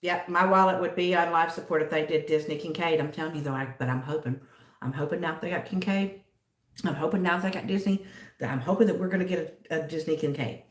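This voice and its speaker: A woman's voice: low-pitched, fast. A woman hosting a livestream from home, chatting casually and rambling as she answers viewers by name. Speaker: livestream host reading chat. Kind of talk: casual chat. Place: home in a city. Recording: roomy echo, distant from the mic.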